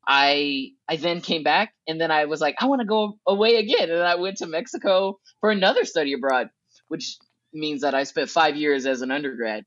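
A woman from Southern California, a guest in an interview, telling stories in a casual way. She acts out her own past thoughts with big jumps in pitch, swears lightly and laughs between thoughts. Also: moderate pace, a bit bright, no room sound. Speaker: guest, educational consultant. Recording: dull, dry sound.

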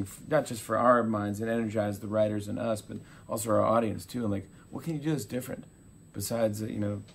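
Man, low gravelly voice, animated storyteller, casual interview chat, faint rumble behind. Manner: animated storyteller acting out quotes, laughing. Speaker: talk show host being interviewed.

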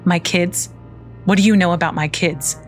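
A woman's voice: lowish voice, fairly even intonation, moderate pace, faint music behind, close to an everyday voice. A woman voicing a troubled middle-aged mother who speaks curtly and guardedly. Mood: tense. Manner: curt, tense, guarded.

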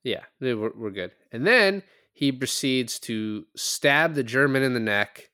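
A man's voice: mid-range voice, expressive, measured pace, bright, forceful tone, smooth, no room sound. A man co-hosting a podcast, chatting casually through a film review with dry, sarcastic humor. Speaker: podcast co-host.

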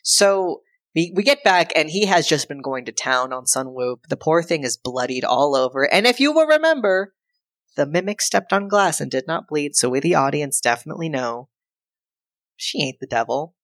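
Low-voiced woman recapping a film. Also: no room sound. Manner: animated, acts out characters' lines in quick put-on voices; loose and irreverent, with frequent fillers and profanity. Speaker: podcast co-host.

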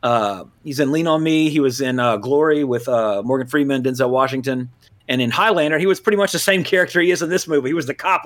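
A man's voice: mid-range voice, quick pace, fairly bright tone. A man from Louisiana, hosting a movie podcast in loose casual chat, full of fillers and self-corrections. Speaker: podcast host.

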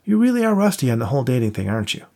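A man's voice: mid-range voice, very animated, racing, mellow. Man doing a teasing wisecracking cop buddy. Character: cocky joking male cop buddy. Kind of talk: audiobook character voice.

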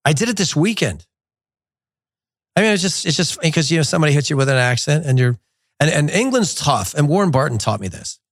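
A middle-aged man hosting a soccer show in a studio, talking in an animated, digressive and blunt way. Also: on the high side, brisk, no room sound. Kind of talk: casual opinionated talk. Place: glass-walled studio in a resort. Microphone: studio mic.

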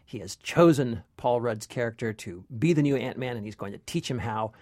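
A man co-hosting a casual movie chat as a film critic, playful and quick to laugh. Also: mid-range voice, expressive, darkish tone, no echo, clean studio sound.

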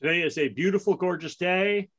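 A man's voice: high-pitched, brisk, a bit bright. A middle-aged man co-hosting a podcast, telling stories in a rambling, self-deprecating way. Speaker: podcast co-host. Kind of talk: casual podcast chat.

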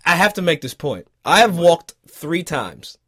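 A man co-hosting a podcast in casual chat, an animated storyteller who laughs often. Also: a little high, unhurried, breathy edge. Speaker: podcast co-host.

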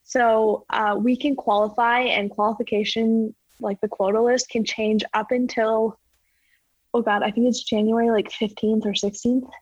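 A woman's voice: flat delivery, normal speed, dry recording. Chatty woman, dull lo-fi sound. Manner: chatty, fillers of "like", acts out quotes in a higher voice. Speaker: guest athlete. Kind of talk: casual interview chat.

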